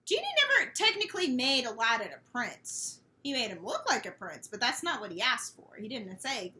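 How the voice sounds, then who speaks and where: Bright-voiced young woman, casual rambling chat. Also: a little high, big pitch swings, brisk, few pauses, slight background noise. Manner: rambling, with restarts. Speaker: podcast co-host.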